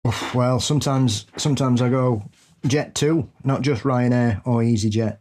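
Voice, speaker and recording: A man's voice: mid-range voice, measured pace, darkish tone. A man from England co-hosting a podcast, bantering casually and laughing a lot. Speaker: podcast co-host. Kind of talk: casual chat.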